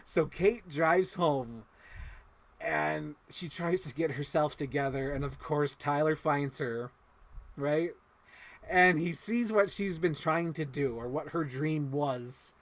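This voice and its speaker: Excitable, cursing man recapping a movie. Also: on the high side, slow pace. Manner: excitable, swears freely, gets emotional. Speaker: livestream movie reviewer.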